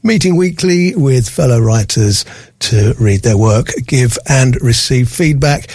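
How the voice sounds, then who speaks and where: A man's voice: mid-range voice, lively intonation, unhurried, a little mellow, slightly rough, no echo, studio quality. A man presenting a radio interview, introducing his guest and asking friendly, casual questions.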